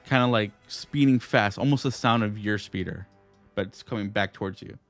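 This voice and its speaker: Halting low-voiced male game master. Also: faint music behind. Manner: halting, full of fillers and tag questions. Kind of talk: narrating a tabletop game. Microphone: streaming setup.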